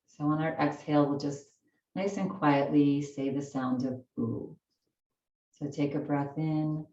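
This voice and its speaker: A woman leading a gentle chair yoga class, giving soft, slow, soothing cues for breathing and stretching. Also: low-pitched, steady tone, reverberant, distant mic, muffled recording.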